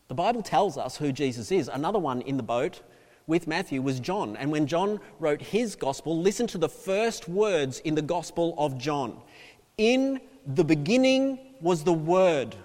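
Preaching man in a reverberant hall. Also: fairly high pitch. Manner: dynamic preaching, swings from loud emphasis to hushed asides. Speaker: pastor. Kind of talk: sermon.

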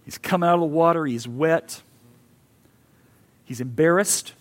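A man's voice: a little high, unhurried. A male pastor giving a sermon in an earnest, emphatic way, with rising and falling intensity.

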